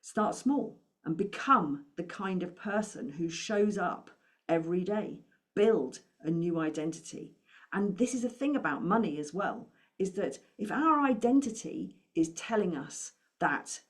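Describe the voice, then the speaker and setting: A woman speaking as a money coach, giving an encouraging talk to camera and asking the listener questions. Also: low voice.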